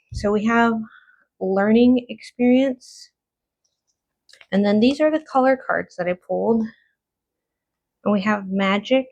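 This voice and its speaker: Slow, musing woman reading tarot cards. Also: medium pitch, vocal fry, lo-fi sound. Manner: slow, musing, thinking aloud with many fillers. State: has the hiccups. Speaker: tarot card reader. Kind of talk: casual card reading.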